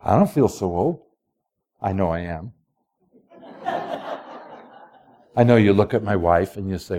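A man's voice: on the low side, animated, unhurried, long pauses, dark tone. A man in his late sixties preaching a folksy, storytelling sermon, asking the congregation direct questions. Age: 60s. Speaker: pastor.

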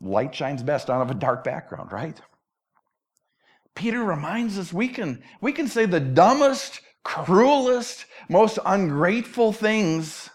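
A man's voice: high voice, sing-song, slow. A man preaching a sermon in a conversational, emphatic way, often repeating words as he restarts. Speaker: pastor.

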